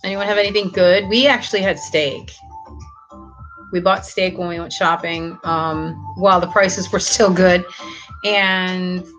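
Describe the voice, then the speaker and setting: Middle-aged woman, low-pitched, casual live-chat host, rambling and giggly, faint music underneath. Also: steady tone, unhurried, fairly bright tone, muffled recording. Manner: chatty, rambling, laughs often. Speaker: livestream host.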